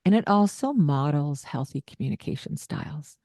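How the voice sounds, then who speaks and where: A woman hosting a parenting podcast, explaining calmly and laughing often. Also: low voice, normal speed, dry recording, studio quality. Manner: calm, explanatory, laughs often, acts out kids' voices. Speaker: podcast host, parenting coach. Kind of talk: casual podcast advice.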